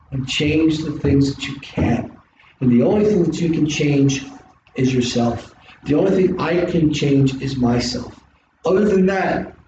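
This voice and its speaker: A middle-aged man with a South Philly accent, an instructor giving an animated classroom lecture full of rhetorical questions. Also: fairly high pitch. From South Philadelphia, US. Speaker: college instructor. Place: large classroom. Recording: distant echoey classroom recording, dull and hissy.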